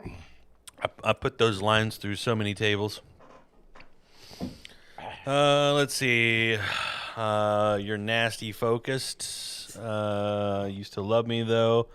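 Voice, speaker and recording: A man's voice: fairly low pitch, flat delivery, drawn-out words, long pauses, a bit bright, clean tone. A man hosting a podcast in casual chat, rambling and jokey with a self-deprecating streak. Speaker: podcast host.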